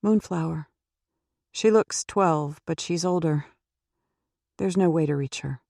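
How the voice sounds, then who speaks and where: A woman's voice: sits low, takes it slowly, vocal fry, mellow, no room sound, studio quality, full character voice. A woman voicing a wary, weary woman on the run, giving short, guarded replies.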